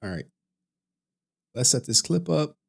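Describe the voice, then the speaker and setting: A man's voice: medium pitch, very animated, measured pace, gravelly, breathy edge. A young man hosting a casual late-night stream, tired from no sleep, rambling, swearing and laughing often. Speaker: streamer host.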